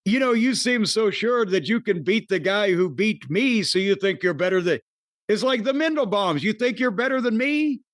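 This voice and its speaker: A man's voice: high-pitched, animated, moderate pace, no echo. A man hosting a podcast, giving profane, opinionated reviews of a wrestling show with dry jokes. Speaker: podcast host. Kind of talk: casual wrestling review chat.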